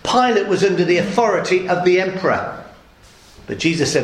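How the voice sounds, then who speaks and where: A man's voice: sits high, lively intonation, fairly quick. A man preaching a sermon, dramatically acting out the quoted lines. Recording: echoey room.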